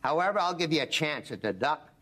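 A man voicing a big, gruff, deadpan male farmer in a low, slow drawl, recorded with background noise. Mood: stern. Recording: noisy recording.

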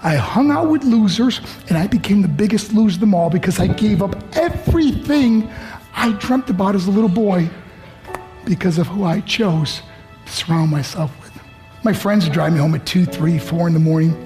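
A man's voice: sits high, lively intonation, normal speed. A middle-aged man from the United States giving a motivational speech, telling a personal story in an earnest, pleading way. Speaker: motivational speaker. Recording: faint music underneath. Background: soft background music.

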